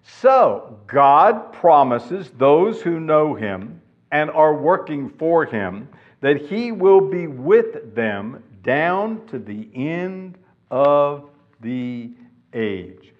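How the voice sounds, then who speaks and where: A man's voice: on the high side, sing-song, extremely slow. A man preaching a sermon, emphatic and asking his listeners questions. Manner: emphatic, asks the congregation questions. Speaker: pastor. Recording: dull lo-fi sound.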